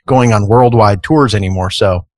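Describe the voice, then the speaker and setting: A man's voice: lowish voice, normal speed, a little mellow, dry recording, clean studio sound. A man hosting a morning radio show, reading entertainment news in an easygoing way with many fillers.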